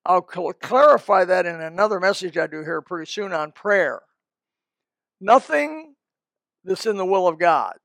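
A man with a high voice preaches a sermon in a folksy, rambling way. He drifts into asides and restarts his sentences. The sound is dry and close. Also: lively intonation, unhurried, creaky, a bit bright, no echo. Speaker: pastor.

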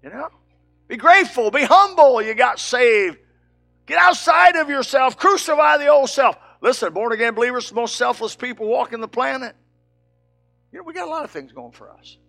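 High, gravelly preacher man shouting. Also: lively intonation, moderate pace. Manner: swings from shouting to soft and low. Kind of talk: sermon.

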